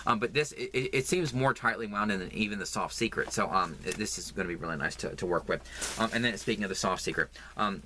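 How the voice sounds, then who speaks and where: Halting Southern man chatting about yarn. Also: low-pitched, bright, forceful tone. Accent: Southern American. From American South. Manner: halting, lots of fillers and repeats. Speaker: crafting vlogger. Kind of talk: casual yarn haul chat.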